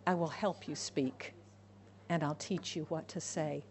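A woman preaching a sermon to a congregation, animated, acting out voices of God and Moses. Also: low voice, measured pace.

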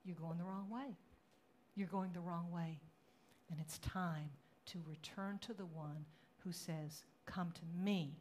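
A woman pastor preaching a sermon, moving between relaxed storytelling and dramatic, loud acted-out quotes. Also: unhurried, slight background noise. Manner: dramatic, acts out quotes with rising pitch and volume; conversational storytelling with fillers.

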